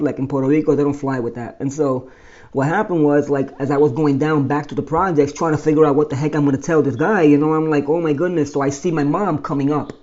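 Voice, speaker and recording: A man's voice: a little high, a little mellow, highs cut off. A man telling his own life story in a rambling monologue, often restarting and correcting himself.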